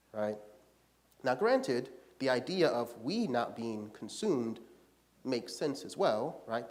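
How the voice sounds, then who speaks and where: A man's voice: medium pitch, a little mellow. A man leading a church Bible study, teaching conversationally and often checking in with the group by asking "right?".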